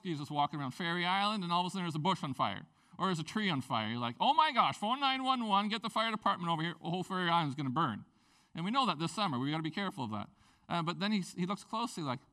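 A middle-aged man from Canada preaches a sermon, his voice sitting a little high and swinging widely in pitch. He tells stories with gusto, jumping into the voices of the people he quotes. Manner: animated storytelling, acts out quoted voices with big pitch jumps. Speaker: pastor.

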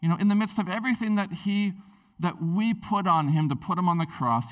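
A man preaching a sermon in a church, telling stories with lively swings from loud bursts to hushed tones. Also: on the high side, a little fast, distant mic. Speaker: pastor.

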